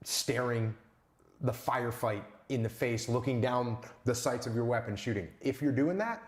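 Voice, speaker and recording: A man's voice: mid-range voice, normal speed, roomy sound. A man answering as an interview guest, talking emphatically with rhetorical questions and repeated short punchlines.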